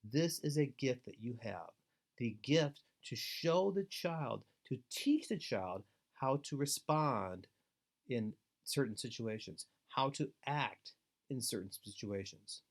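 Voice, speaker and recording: A man's voice: medium pitch, lively intonation. Earnest man giving foster care advice. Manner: earnest, deliberate, advising. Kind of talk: instructional webinar talk.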